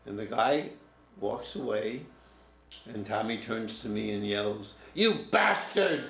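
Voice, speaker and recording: A man in his seventies, a writing teacher, telling a personal story in a reflective, halting way. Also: lowish voice, fairly even intonation. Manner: reflective, halting, restarts mid-word. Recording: roomy echo, faint room noise.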